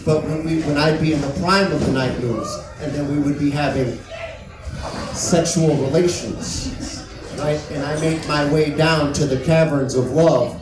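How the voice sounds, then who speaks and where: A man's voice: a little high, fairly even intonation, moderate pace, few pauses. A man doing a rambling, self-deprecating stand-up set on a comedy club stage and then hosting the show. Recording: echoey room, mic at a distance, loud noise. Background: audience laughter.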